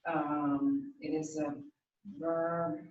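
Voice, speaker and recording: A hesitant student reads and answers aloud in class, moving very slowly through each word. The voice is far from the mic. It sounds dull and lo-fi in an echoey room. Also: medium pitch, flat delivery, darkish tone. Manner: slow, hesitant, many ums. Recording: echoey, distant, lo-fi classroom audio.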